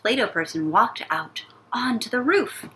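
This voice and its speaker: A woman teaching an elementary music class, guiding young children through a playful warm-up with sing-song sound effects. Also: on the high side, expressive, a little slow, a little hiss or hum. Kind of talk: recorded lesson for young children.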